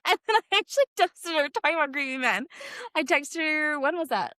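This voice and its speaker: A young woman from Canada co-hosts a casual chat podcast, spinning stories animatedly and acting out every quote. Her voice sits high and ranges widely. The sound is dry and close, with no room around it. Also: a little fast, no room sound. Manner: animated storyteller, acts out quotes with laughs. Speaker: podcast co-host.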